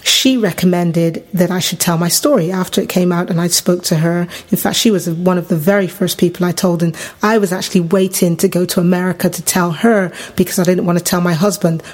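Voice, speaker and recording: Middle-aged English woman, podcast host, animated storyteller who jumps high when quoting others. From England. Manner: animated, acts out quoted voices with big pitch jumps. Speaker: podcast host sharing her testimony. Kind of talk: personal storytelling.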